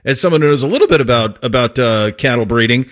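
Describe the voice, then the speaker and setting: A man's voice: medium pitch, expressive, quick pace. A man hosting a sports radio show, chatting in an easygoing, teasing way with his guest. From Montana. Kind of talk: casual sports talk.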